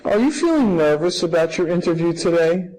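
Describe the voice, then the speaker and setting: A woman's voice: on the low side, big pitch swings, brisk, warm tone, a little hiss or hum, rough recording. A woman playing a courteous female immigration officer who asks welcoming questions in a scripted practice interview. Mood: polite. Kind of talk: scripted role-play dialogue.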